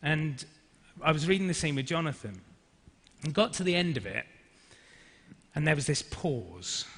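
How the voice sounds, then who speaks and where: A young man tells a personal story to a forum audience in a bright, forceful voice. He is lively and anecdotal, acting out what people said. His voice rings with the long reverb of a large hall. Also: a little high, normal speed, slightly rough. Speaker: speaker at a business forum.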